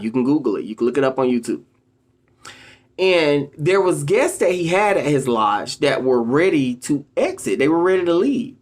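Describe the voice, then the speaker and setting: Vlog host, casual advice to camera, emphatic storytelling, mid pitch swinging up and down a lot. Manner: animated storyteller who keeps addressing the audience directly. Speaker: video host giving advice to viewers. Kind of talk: casual motivational talk to camera.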